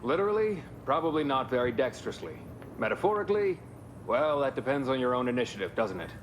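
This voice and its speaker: A dry, sardonic physician played by an actor who delivers wry remarks with crisp precision. His voice sits at an ordinary middle pitch. Steady background noise runs under the game audio. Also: quick pace, close to an everyday voice. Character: dry sardonic male ship doctor.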